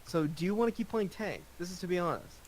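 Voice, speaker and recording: A man's voice: high-pitched, expressive, fast talker, a little hiss or hum, poor audio. A young man chatting casually with friends on a gaming voice call, teasing, profane and rambling. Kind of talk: casual chat.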